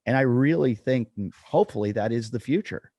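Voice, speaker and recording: A man's voice: mid-range voice, fairly quick, warm tone, husky, dry recording. A man co-hosting a podcast, telling a funny story in casual chat and acting out the quotes. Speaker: podcast co-host, comedian.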